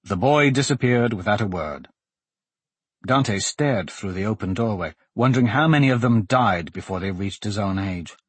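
A man narrating a story as an audiobook reader, expressive and voicing each character. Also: lowish voice, normal speed, slightly rough, no room sound. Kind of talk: scripted narration.

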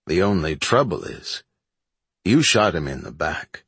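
A man doing a gruff old frontier judge. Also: deep voice, sing-song, measured pace, a bit bright, no echo, exaggerated voice.

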